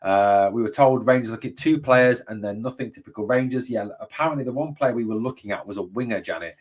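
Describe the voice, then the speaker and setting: A man with a mid-range voice talks fast, heard through a distant mic, as he hosts a fan channel's live stream. Reading out viewer comments, he answers bluntly, swearing freely and saying "mate" and "obviously" a lot.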